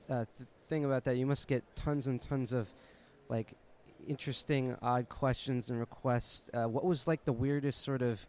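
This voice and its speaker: A man's voice: mid-range voice, a little mellow, a little hiss or hum. A man interviewing a guest at a conference, casual and hesitant, full of uhs and likes. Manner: hesitant, lots of uh and like.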